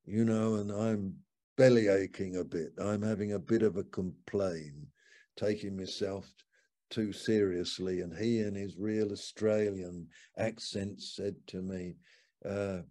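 A man's voice: low voice, steady tone, measured pace, mellow. An older man giving an informal, conversational sermon from the upstairs lounge of a home, reading scripture aloud as he reflects. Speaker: preacher.

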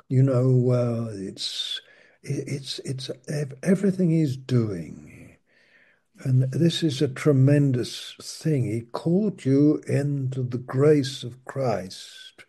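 A man gives informal Bible teaching in a slow, unhurried delivery. His voice is husky and mellow, and he often stops and restarts his phrases. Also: medium pitch. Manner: slow, halting, with many restarts and asides. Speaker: preacher.

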